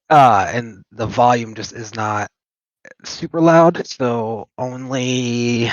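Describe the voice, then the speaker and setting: A man's voice: mid-range voice, slow pace, dry recording. A man narrating as game master of a tabletop game, describing scenes loosely with fillers and chuckles. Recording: dull lo-fi dry mic.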